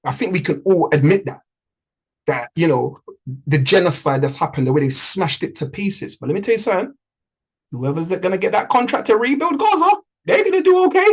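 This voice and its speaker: A man's voice: high-pitched, sing-song, brisk, breathy edge, low-quality recording. A man leading a trading community on a group video call. He talks in a punchy, motivational way and repeats lines for emphasis.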